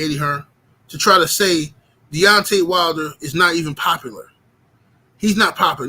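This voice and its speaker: A man with a fairly high voice hosts a boxing livestream. He argues his case with emphasis, calls out names from the chat and keeps checking in with "right?". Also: sharp tone. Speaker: boxing commentary host. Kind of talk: livestream commentary with chat shout-outs.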